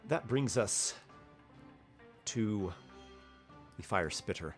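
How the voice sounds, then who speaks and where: A man's voice: lowish voice, extremely slow, faint music behind. A man running a tabletop game as game master, narrating and calling rolls. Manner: lively, animated narration with rolls and rulings.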